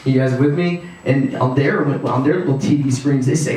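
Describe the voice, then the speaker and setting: A man's voice: mid-range voice, fairly even intonation, a little mellow, far from the mic, faint music behind. A rambling male stand-up comic in an echoey room. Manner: rambling, halting delivery with many fillers. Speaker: stand-up comedian. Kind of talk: stand-up set. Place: living room at a house party.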